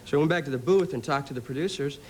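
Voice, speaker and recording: Casting: young male guest, quick and rambling, full of fillers, with faint background noise. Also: a little high, darkish tone. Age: young adult. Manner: fast, rambling storyteller with many fillers. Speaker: actor guest. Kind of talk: talk show anecdote. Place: TV studio with audience.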